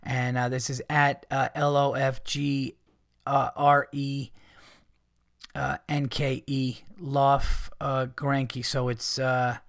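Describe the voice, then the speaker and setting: A man's voice: medium pitch, level tone, takes it slowly, creaky, no echo, studio quality. A man hosting a podcast, rambling casually with lots of swearing, fillers and restarts. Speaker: podcast host.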